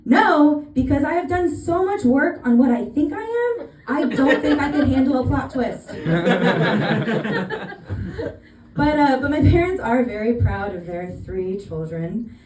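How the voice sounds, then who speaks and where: American woman in her thirties, stand-up comic, dry self-mocking jokes, slightly high voice, echoey room heard from far off. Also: lively intonation, a little slow, a crowd in the background. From California. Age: 30s. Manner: dry, self-deprecating punchlines. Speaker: stand-up comedian. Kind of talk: stand-up comedy set. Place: comedy venue on stage.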